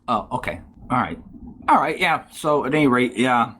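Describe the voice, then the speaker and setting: A man hosting a casual tech talk show, rambling and halting with many fillers. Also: medium pitch, animated, a bit bright, husky. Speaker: podcast host.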